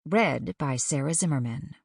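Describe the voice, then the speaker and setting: A woman reads an audiobook in a measured, even way. Her voice sits low with a gravelly edge. The recording is close and dry. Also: dry recording. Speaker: audiobook narrator. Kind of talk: scripted narration.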